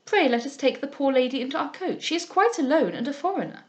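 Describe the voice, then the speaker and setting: A woman voicing a kindly, polite lady who pleads gently. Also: sits high, big pitch swings, quick pace. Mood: pleading.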